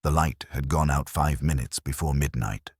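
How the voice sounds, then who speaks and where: Very deep male audiobook narrator. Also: steady tone, moderate pace, darkish tone, breathy edge, no echo, studio quality.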